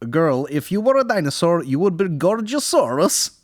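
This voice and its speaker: Loud high fake russian guy telling awful jokes and explaining them, as a man puts him on. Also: sing-song, normal speed, no echo, studio quality. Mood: smug. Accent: put-on Russian. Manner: explains each joke, loud and pleased.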